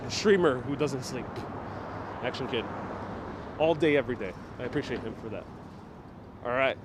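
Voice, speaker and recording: A man's voice: mid-range voice, normal speed. A young man with a New York accent hosting a live stream while walking a city street, joking and reading out viewer comments. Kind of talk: casual live-stream chat. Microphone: wireless clip-on mic. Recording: loud street traffic behind.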